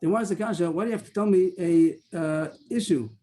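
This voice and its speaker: Fast-talking man teaching Talmud. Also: sits high, dark tone. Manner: quick explanatory teaching, mixing Hebrew and Aramaic terms. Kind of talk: Talmud study class over video call. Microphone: video call.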